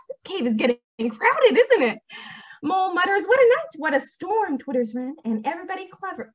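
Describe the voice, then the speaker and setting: A young woman leading a toddler storytime at a library, reading aloud slowly in a sing-song, animated way with whispered shushes, on a dull lo-fi recording. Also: extremely high pitch. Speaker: children's librarian. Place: library program room.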